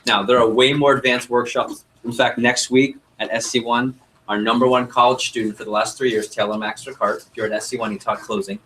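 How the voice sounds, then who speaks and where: A young man running a sales training workshop, coaching a group and acting out customer dialogue in an energetic way. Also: mid-range voice, brisk, a little hiss or hum, rough recording. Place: meeting room with group.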